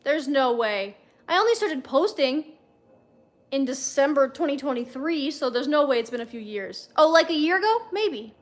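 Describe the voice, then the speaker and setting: Brief: young woman, high voice, casual livestream read-aloud with wry asides. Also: expressive, moderate pace. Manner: chatty, wry comments between passages. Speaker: livestream host reading fanfiction.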